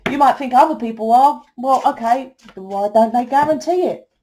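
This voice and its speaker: A woman's voice: sits high, normal speed, warm tone, slight background noise. A middle-aged woman, giving a blunt, salesy tarot reading and swearing freely. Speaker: tarot reader and spiritual coach. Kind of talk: casual tarot reading monologue.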